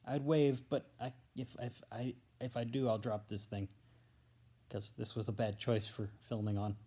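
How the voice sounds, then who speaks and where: Alone indoors at home, a male vlogger talks into a tablet camera held at arm's length, rambling casually. He's hesitant and stammers, using many fillers and letting thoughts trail off; his mid-range voice is flat, dark and slightly rough at normal speed.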